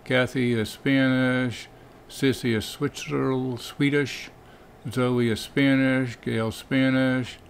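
A man with a mid-range voice co-hosts a live lesson and reads viewer answers in quick runs. He jokes along in casual chat, and faint noise sits behind him. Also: medium pitch. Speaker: co-host reading viewer comments.

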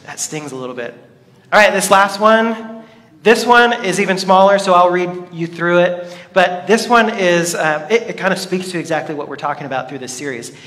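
High bright-sounding guy giving a jokey sermon, big hall reverb. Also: moderate pace. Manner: playful, jokey, talks to the congregation. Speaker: pastor. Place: church hall.

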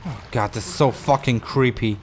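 A man commentating a horror game as he plays it, excitable and profane, talking to himself and to the game. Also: mid-range voice, moderate pace, background noise. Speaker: gameplay commentator.

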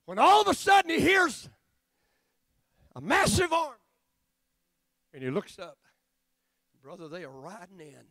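A man preaching a revival sermon as guest preacher, telling folksy stories that break into shouting. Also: extremely high pitch, huge pitch swings, measured pace, vocal fry, long pauses, no room sound. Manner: folksy storytelling, bursts of shouting.

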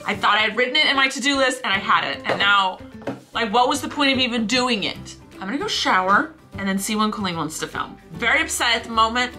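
A woman's voice: on the high side, expressive, brisk, bright, forceful tone, faint music behind. A young woman vlogging casually, telling a story with lots of laughter and acting out both sides of the conversation.

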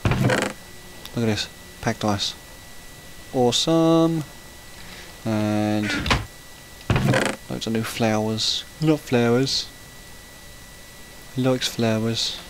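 A chatty man talks his way through a gaming session at a middle pitch. He rambles through stories and breaks off now and then to react to what happens in the game. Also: drawn-out words, long pauses, background noise. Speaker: gaming channel host. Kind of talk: casual let's-play commentary.

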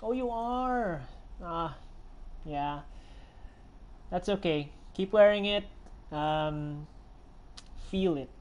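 A man's voice: high-pitched, very slow, long pauses, darkish tone. A young man streaming a game, talking to viewers in a rambling, sympathetic way with many fillers and restarts. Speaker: gaming streamer. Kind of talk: live gameplay commentary.

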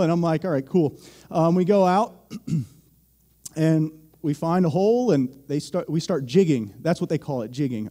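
A young pastor from Pennsylvania preaches a sermon, telling the church a joking, self-deprecating story. His voice is high-pitched and mellow.

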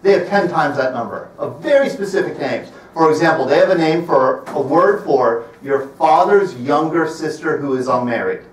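A man's voice: on the high side, lively intonation, a little hiss or hum. Man in his fifties telling stories in a roomy hall. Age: 50s. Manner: wry storyteller, slows to stress points. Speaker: presenter. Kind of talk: storytelling public talk. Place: library event room. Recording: roomy sound from a distant mic.

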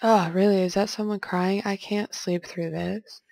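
Gravelly-voiced woman narrating a game. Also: medium pitch, steady tone, measured pace, darkish tone, no room sound. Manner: jokey, chatty, talks to herself. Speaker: let's play host. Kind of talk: casual gameplay commentary, reading game text aloud.

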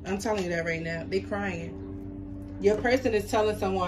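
A woman's voice: on the low side, normal speed. A woman giving a casual tarot reading, talking emphatically to viewers. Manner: animated, emphatic, talks back to the cards. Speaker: tarot reader.

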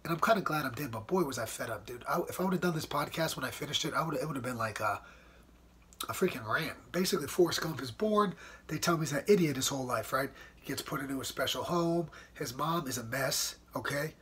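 A man's voice: medium pitch, lively intonation, fairly quick, a bit bright, breathy edge. A man hosting his own podcast from home, talking casually and peppering his talk with "man" and "dude.". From United States. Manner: laid-back, chatty, says "man" and "dude" a lot. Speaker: podcast host. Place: at home in front of a white wall.

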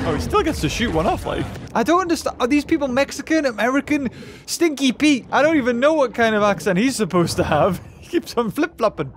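Excitable, high-voiced male gamer. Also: brisk, a little hiss or hum. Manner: excitable, laughing, breaks into shouts. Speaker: gaming channel host. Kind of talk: excitable gameplay commentary. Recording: game music loud behind the voice.

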